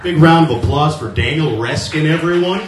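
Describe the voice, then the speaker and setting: A man from Cuba hosting and doing stand-up in a comedy club, animated and slipping into high-pitched character voices. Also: moderate pace. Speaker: comedy show host and comedian. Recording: echoey room, distant mic, faint noise.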